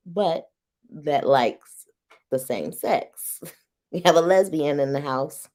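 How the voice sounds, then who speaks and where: A woman's voice: rumbling low, darkish tone. A woman hosting a casual live-stream chat, frank and teasing, who laughs often between phrases. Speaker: host.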